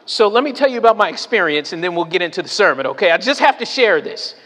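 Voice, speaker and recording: A man's voice: high-pitched, big pitch swings, fast talker, a bit bright. A man in his forties from Southern California, a pastor preaching a sermon. He tells personal stories, keeps asking "right?" and acts out the people he quotes. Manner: storytelling with frequent "right?" asides and acted-out quotes. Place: church sanctuary. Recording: long hall reverb.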